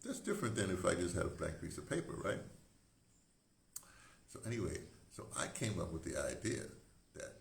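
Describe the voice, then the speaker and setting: A former radio broadcaster hosts his own video, talking casually to a camera mic in an indoor room with incense burning; the sound is reverberant. His voice sits low and creaky, with lively intonation, a moderate pace and frequent pauses. He rambles off-script, restarts often, jokes with himself and digresses between thoughts.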